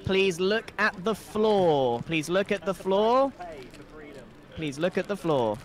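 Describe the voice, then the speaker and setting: A man hosting a livestreamed game event, giving clear instructions to the players. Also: high-pitched, lively intonation, slow pace. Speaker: event host. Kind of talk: announcing game rounds.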